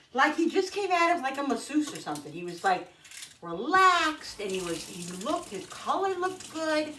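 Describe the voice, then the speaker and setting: A woman's voice: high-pitched, big pitch swings, a little slow, bright, forceful tone, slight background noise. Rambling woman in an echoey kitchen. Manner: rambling, emotional, many restarts and "you know"s. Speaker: vlogger. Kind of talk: casual storytelling. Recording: echoey kitchen from far off, clattering dishes.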